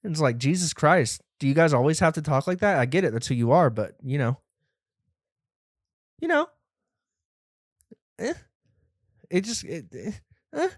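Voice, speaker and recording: A man's voice: on the high side, big pitch swings, normal speed, long pauses, no echo, clean studio sound. A young man hosting a casual comedy podcast, rambling and a bit nervous, with lots of fillers. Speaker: podcast host.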